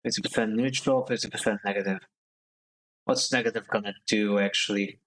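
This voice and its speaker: A man streaming a story game, reading the narration aloud and adding relaxed, joking asides. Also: lowish voice, brisk, low-quality recording.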